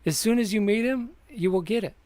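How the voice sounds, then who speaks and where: A man's voice: high voice, a little fast, a crowd in the background. A man co-hosting a podcast, telling stories with emphatic disbelief in casual chat.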